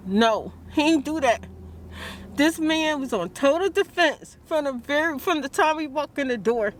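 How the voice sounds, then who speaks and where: A woman's expressive, high-pitched voice moves at a measured pace as she vlogs about a stressful morning near a car, with a faint hiss or hum audible. In this emotional monologue she prays aloud and frequently restarts what she's saying.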